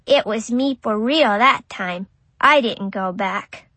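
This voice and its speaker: Little boy storyteller, a woman putting him on, slow careful words, very literal, dry close sound. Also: medium pitch, sharp tone, dry recording. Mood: wondering. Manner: childlike, literal and wondering. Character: curious five-year-old boy, earnest and innocent. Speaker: child narrator. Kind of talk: audiobook narration.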